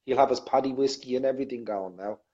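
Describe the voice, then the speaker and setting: A man's voice: medium pitch, fast, warm tone, muffled recording. A man hosting a casual online chat show, effusive and jokey, laughing a lot with his guest. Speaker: show host.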